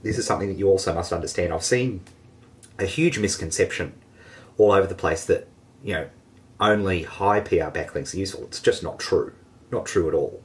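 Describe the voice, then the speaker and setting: A man teaching an online marketing lesson, energetic and jokey, poking fun at himself. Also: low voice, brisk. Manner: energetic, jokey and self-mocking. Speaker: online marketing course host.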